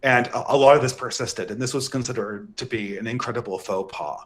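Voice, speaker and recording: A man's voice: medium pitch, brisk. A man in an online debate, laying out long explanations in a lecturing way.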